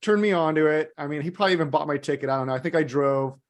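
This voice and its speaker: A man's voice: a little high, rapid-fire. A man talking as a guest in a casual chat, rambling through stories in laid-back slang with many fillers. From Los Angeles area.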